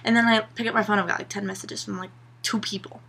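A woman's voice: mid-range voice, fairly even intonation, fast talker, creaky, fairly bright tone, husky. A young woman vlogging to her camera, a sarcastic and exasperated rant full of "like" and "you know". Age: young adult.

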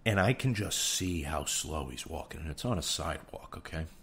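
A man's voice: extremely low pitch, lively intonation, moderate pace, fairly bright tone, slightly rough. A young man, hosting a podcast with a rambling, swearing, self-deprecating comedic rant. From New York. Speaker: podcast host.

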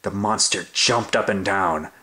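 A man's voice: low voice, a little slow, bright, forceful tone. A young man reading a children's story aloud in an overly silly, playful, exaggerated way. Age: young adult. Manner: playful, exaggerated, sing-song.

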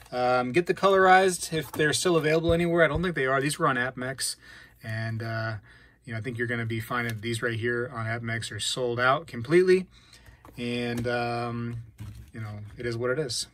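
A man hosting a casual hobby vlog, chatting and reacting out loud while he plays a game. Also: mid-range voice, slight background noise. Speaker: coin-collecting channel host.

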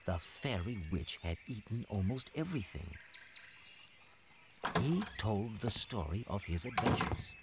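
A man's voice: lowish voice, big pitch swings, measured pace, noisy background. A man giving scripted narration in an educational computer game.

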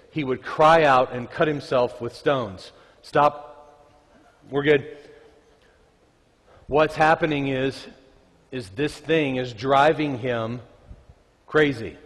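A man preaching a conversational sermon, reading scripture aloud and joking with the congregation. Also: medium pitch. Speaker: pastor. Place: church sanctuary. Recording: reverberant church hall.

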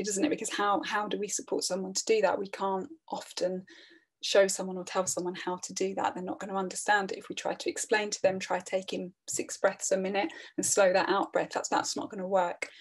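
A middle-aged woman presenting a training webinar in a calm, earnest way, often restarting her phrases. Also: medium pitch, breathy edge. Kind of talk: online training talk.

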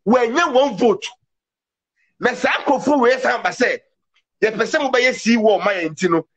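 Male commentator, high husky voice, emphatic and heated political talk. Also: moderate pace, poor audio. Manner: emphatic, mixes English words into his talk.

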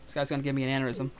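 A man giving casual, rambling gameplay commentary as a let's player. He swears freely and thinks out loud. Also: medium pitch, background noise. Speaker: let's play gamer.

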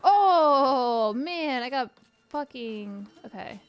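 A young woman streaming a video game, excitable, yelping and swearing as she plays. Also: high-pitched, extremely slow, dull audio, faint music behind. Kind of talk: live gameplay commentary.

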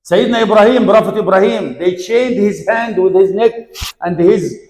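Brief: native Arabic-speaking man, fairly high voice, emphatic sermon storyteller, roomy reverberant hall. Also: normal speed. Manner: emphatic storytelling, swinging between loud urging and hushed tones; chants Quranic verses in Arabic. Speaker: preacher. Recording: echoey hall with long reverb.

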